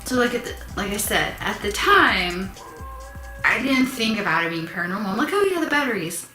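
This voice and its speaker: A woman vlogger telling a personal story in a casual, animated, chatty way, asking her viewers questions. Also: mid-range voice, moderate pace, faint music behind. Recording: echoey room.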